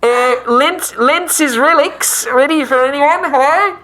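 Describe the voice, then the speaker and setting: A woman's voice: sits high, takes it slowly, pushed and bright, voice pushed up, exaggerated voice. A woman voicing a nervous, eager male relic trader in a shell diving suit, his voice muffled from inside a helmet, who exclaims a lot. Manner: eager, chirpy, exclaiming "wowzers" and "crikey".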